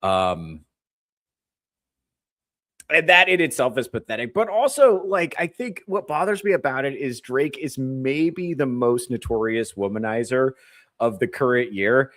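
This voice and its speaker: A man's voice: medium pitch, expressive, a little slow, a bit bright, no echo. A man hosting a comedy podcast, ranting with crude, sarcastic mockery. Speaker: podcast host. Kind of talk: comedic commentary rant.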